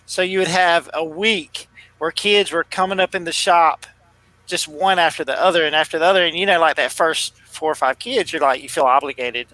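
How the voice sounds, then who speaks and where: A man's voice: a little high, normal speed, sharp tone, no echo, poor audio. A man on a writing panel telling easygoing, folksy stories. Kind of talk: casual panel chat.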